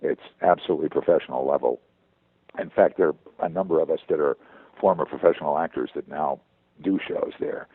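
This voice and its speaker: A veteran voice actor talking in a phone interview, halting and repeating words as he goes. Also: very deep voice, husky, no echo. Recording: tinny phone line.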